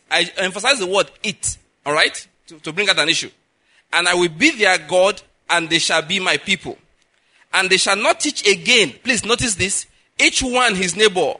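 A middle-aged male pastor preaching a sermon, pushing his voice higher and louder to stress his points. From Nigeria. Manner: emphatic, rises in pitch and volume to stress points.

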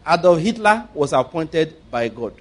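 Middle-aged Nigerian preacher, slightly high voice, storytelling sermon, loud points then quiet asides. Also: male voice, big pitch swings, measured pace. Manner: anecdotal, swings between loud emphasis and quiet asides.

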